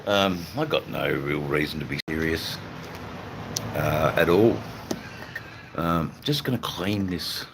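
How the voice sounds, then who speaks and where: Australian male streamer, low voice, unhurried and rambling, casual swearing. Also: noisy background. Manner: laid-back, rambling, drawn-out fillers, swears casually. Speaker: livestream host chatting with viewers. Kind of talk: casual live chat.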